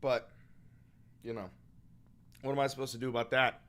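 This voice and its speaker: A man's voice: medium pitch, little pitch movement, moderate pace, a bit bright. A young man hosting a livestream, talking casually and swearing a lot, muttering worries to his chat. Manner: profane, angry outbursts. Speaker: streamer host.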